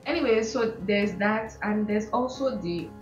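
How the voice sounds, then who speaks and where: A woman's voice: medium pitch, unhurried. A young woman telling stories in casual chat, laughing often and mimicking how others talk. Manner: expressive storyteller, mimics accents, laughs often. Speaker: guest, host's sister. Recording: roomy, dull sound with faint music.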